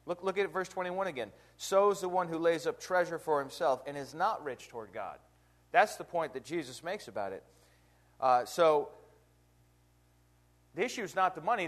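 A man preaching an informal Bible lesson in a conversational way, often asking rhetorical questions. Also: a little high. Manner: conversational, asks rhetorical questions, frequent "right?"; reads scripture aloud with emphasis.

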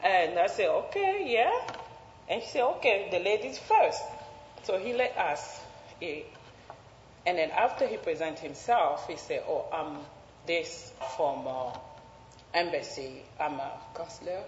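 A woman whose first language is French tells a personal story in an animated way, laughing and jumping up in pitch when she quotes others. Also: unhurried, a little hiss or hum. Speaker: interviewee. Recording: roomy, reverberant, slightly dull recording.

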